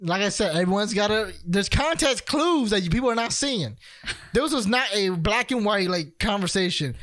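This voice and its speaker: A man's voice: high-pitched, normal speed. A man co-hosting a podcast, bantering casually and acting out the people in his stories, laughing often. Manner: animated storytelling, acts out quotes, laughs often. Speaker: podcast co-host.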